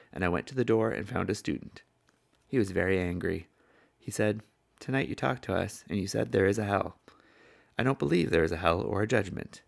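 An older man preaching with earnest conviction. His voice sits a little low and carries a gravelly edge. He tells stories from the pulpit as a sermon. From southern United States. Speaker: evangelist preacher.

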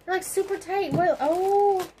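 Very high-pitched, gushing woman vlogger. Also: unhurried, mellow, slight background noise. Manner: gushing, gasping and squealing with delight. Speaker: crochet vlogger. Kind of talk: excited unboxing chat.

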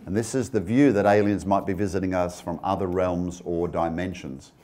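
A man's voice: low voice, fairly even intonation, normal speed, warm tone. A man giving a presentation with slides to a live audience. He talks conversationally, asks the listeners questions and throws in joking asides. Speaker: guest speaker.

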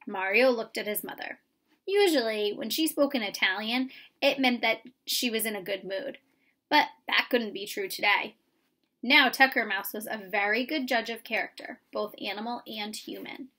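A woman reading a children's chapter book aloud in a calm, even storytelling manner. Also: fairly high pitch, normal speed. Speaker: reader. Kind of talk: storybook read-aloud narration.

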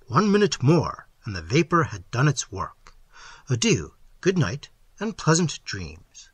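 A man reading an audiobook, voicing a mysterious all-knowing sage who speaks slowly and solemnly. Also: mid-range voice, wildly swooping pitch, slightly rough, no echo, full character voice. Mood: grave. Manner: slow, solemn, measured.

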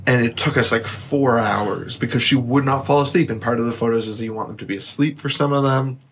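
A man's voice: mid-range voice, brisk, slight background noise. A young man, a new father, telling a rambling story in casual podcast chat and filling it with "like". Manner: rambling, lots of "like", laughs often. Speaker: podcast co-host.

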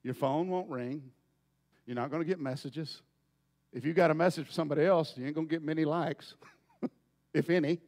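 A man preaching a folksy storytelling sermon, dropping to quiet asides and then bursting into loud shouts. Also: on the high side, fairly even intonation, normal speed, pauses often, in a large hall.

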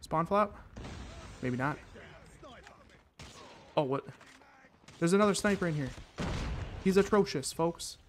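A man with a high voice talks through his own match as a gaming channel host. He reacts with quick bursts of excitement and drops playful catchphrases between plays, recorded on a desk mic. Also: a little hiss or hum. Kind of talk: casual gameplay commentary.

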